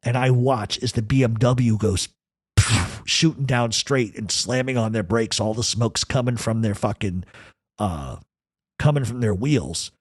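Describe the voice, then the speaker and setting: A man's voice: mid-range voice, slightly rough, dry recording. A man telling a true crime story from his own life in casual first person, swearing heavily and talking with intensity. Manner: profane, intense, rapid retelling.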